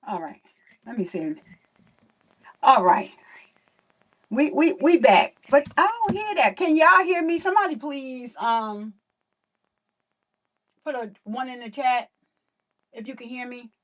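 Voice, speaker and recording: A woman's voice: sits high, sing-song, a little slow, long pauses, a bit bright, far from the mic. A young woman hosting a casual livestream, chatting to viewers while fixing her audio. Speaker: livestream host.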